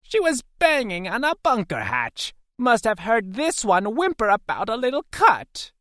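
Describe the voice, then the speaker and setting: A man doing a sneering alien guard, pitched up high. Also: wildly swooping pitch, measured pace, a bit bright, dry recording, studio quality, heavily acted. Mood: mocking.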